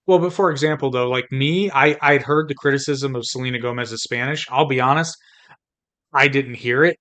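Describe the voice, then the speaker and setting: Podcast co-host, man, mid-pitched, laid-back, joking asides. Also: a bit bright. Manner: easygoing, joking, quick interjections. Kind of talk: casual podcast chat.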